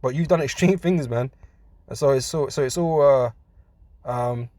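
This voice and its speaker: A man teaching from scripture in a casual, conversational way, often saying "man" and laughing between points, and reading verses slowly. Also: mid-range voice, a little mellow, no room sound. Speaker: preacher.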